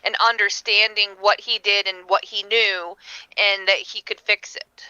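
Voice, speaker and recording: A woman's voice: mid-range voice, little pitch movement, normal speed, pushed and bright, smooth, no room sound, lo-fi sound. A woman on a movie discussion panel, blunt and swearing freely.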